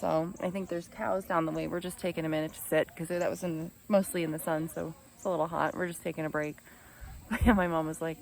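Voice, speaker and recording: A young woman vlogging at an outdoor farm sanctuary, chatty and excitable, cooing at the animals. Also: lowish voice, brisk, creaky. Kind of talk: casual vlog narration.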